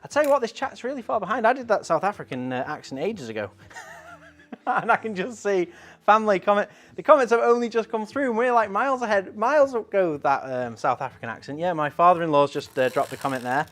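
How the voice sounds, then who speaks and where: A man's voice: sits high, lively intonation, quick pace, a bit bright. A man hosting a casual live stream, chatting in a rambling way and reading out viewer comments.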